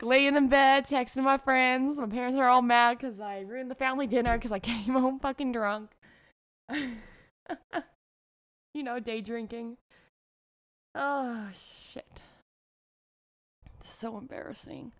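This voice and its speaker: A woman's voice: a little high, measured pace, pauses often, fairly bright tone, clear, resonant tone, no echo. Young woman, vlogger, raised voice, dry close sound; blunt, sweary, giggly confessional storyteller. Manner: frank and profane, laughing often.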